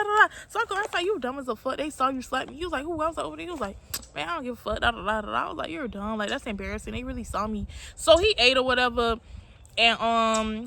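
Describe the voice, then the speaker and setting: A woman's voice: fairly high pitch, pushed and bright. A young woman telling a personal story to her viewers in a casual, slangy, candid way, calling them y'all. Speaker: storytime vlogger.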